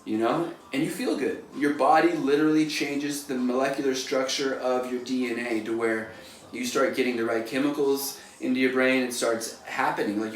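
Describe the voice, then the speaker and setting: Rambling man in an echoey room. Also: mid-range voice. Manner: rambling, loose, full of "like" and "you know". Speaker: painter. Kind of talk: casual motivational talk. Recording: echoey room, distant mic, faint noise.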